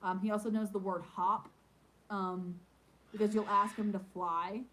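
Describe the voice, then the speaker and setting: A woman chatting casually on her vlog and answering viewer questions. She rambles with frequent ums and turns animated and playful in her stories. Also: medium pitch, unhurried, low-quality recording. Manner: animated and playful when telling pet stories. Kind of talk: casual chat.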